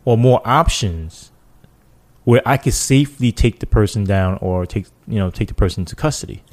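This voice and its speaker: Man, former police officer, deep-ish voice, casual interview storytelling. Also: moderate pace. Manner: animated, acts out quoted people with loose slang.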